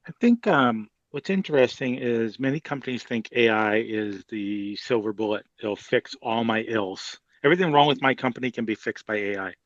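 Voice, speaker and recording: Animated man with a Boston accent. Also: mid-range voice, moderate pace, hardly any pauses, dry recording, muffled recording. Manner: animated, emphatic, conversational. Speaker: panelist. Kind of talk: webinar panel discussion.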